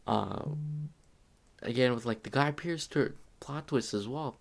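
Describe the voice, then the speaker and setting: A man's voice: mid-range voice, measured pace, gravelly. A young man casually reviewing a movie, rambling and repeating himself with lots of fillers.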